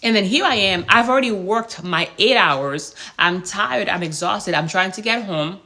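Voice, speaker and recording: A woman hospice nurse telling a work story in a casual vlog, in an animated, exasperated way with many rhetorical questions. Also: mid-range voice, normal speed.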